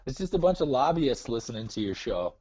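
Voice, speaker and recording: A man's voice: mid-range voice, big pitch swings, brisk, crowd noise. A man from Minnesota with a Minnesotan accent, calling into a show and chatting casually, laid-back and teasing, laughing often. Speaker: caller. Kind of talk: casual chat. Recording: dull lo-fi call audio.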